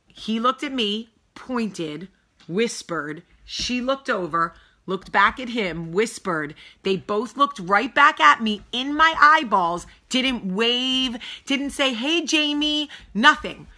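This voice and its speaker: A middle-aged woman hosting a casual vlog, telling a story in a blunt, animated, sassy way. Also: on the high side, slow. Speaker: host.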